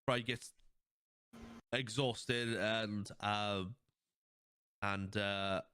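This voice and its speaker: In a fairly low, sharp, clear and resonant voice, a man hosts a podcast at a very slow, steady-toned pace. His casual chat wanders through episode scenes with quoted lines, some swearing, laughter, and frequent fillers and restarts. The studio-quality recording has no echo.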